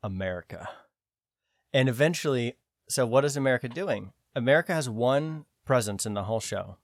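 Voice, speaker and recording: A man co-hosting a podcast in casual chat, animated and sometimes breaking into shrill mocking voices. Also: fairly quick, dry recording, clean studio sound. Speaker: podcast co-host.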